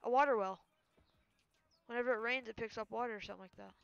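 A man streaming a survival game and chatting casually over voice chat, quick and excitable, jumping between thoughts. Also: very high-pitched, creaky, clean tone, no echo, muffled recording.

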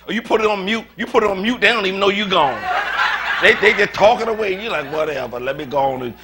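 A man's voice: sits high, fast talker, heavy background noise. A male pastor preaching a sermon in a church, talking conversationally, repeating words and chuckling often.

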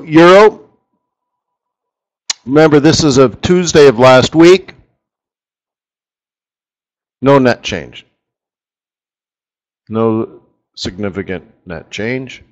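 Middle-aged man, webinar host, unhurried, rambling and chatty, mid-pitched. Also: low-quality recording. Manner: rambling and chatty, with asides about his screen tools. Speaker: forex market strategist hosting a live webinar. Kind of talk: casual live trading webinar.

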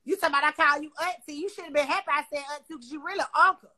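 Brief: loud-mouthed woman livestreaming from her phone, high bright voice, crude and mocking. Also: rapid-fire. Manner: brash, profane, mocking. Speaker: Instagram live host. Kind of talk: casual trash-talking livestream.

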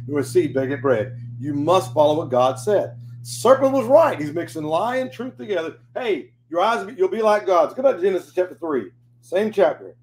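A man's voice: on the high side, a little mellow, slight background noise. A man teaching a Bible study in a folksy, preachy way, acting out quoted dialogue.

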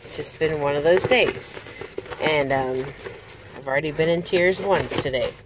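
A woman chatting casually and gushing excitedly while unboxing a gift, recorded on a handheld camera inside a car. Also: sits low, normal speed, noisy background. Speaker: reborn doll vlogger. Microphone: handheld camera, no tripod.

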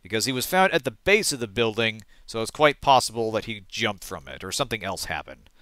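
Man, low voice, bright and forceful, dry close sound, casual game commentary, self-correcting. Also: very animated, fairly quick, no echo. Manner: thinks aloud, trails off and corrects himself. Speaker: let's play host. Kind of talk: casual game commentary, reading game text aloud.

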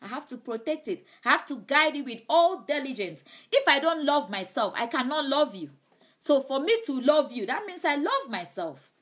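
Emphatic higher-voiced woman preaching. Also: sing-song, normal speed, fairly bright tone. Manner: emphatic, repeats key phrases. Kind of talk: live-streamed sermon.

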